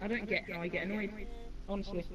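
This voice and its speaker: A man's voice: sits high, fairly even intonation, fast. A young man giving casual gameplay commentary, easily annoyed and rambling as he plays. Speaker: gaming YouTuber.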